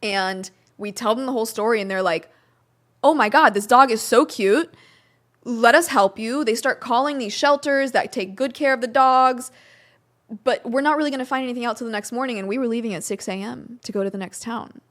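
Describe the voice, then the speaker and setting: A woman's voice: on the high side, steady tone, brisk, a bit bright. A young woman, a podcast guest, telling a story in a casual interview, acting out quotes and using many "like" fillers.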